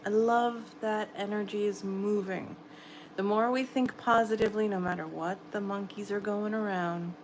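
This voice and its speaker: A middle-aged woman from the New York area hosts a late-night livestream from a quiet room at home, reading comments and chatting casually and encouragingly with viewers in an American New York accent. Her voice is mid-range, and the low-quality recording has a little hiss or hum.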